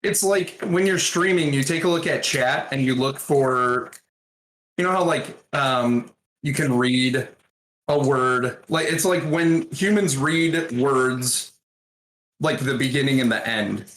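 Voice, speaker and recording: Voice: mid-range voice, takes it slowly, a bit bright. A streamer chatting casually in a home kitchen while cooking, with a sarcastic, rambling manner. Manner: sarcastic, chatty, fond of fillers. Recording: roomy kitchen with faint noise.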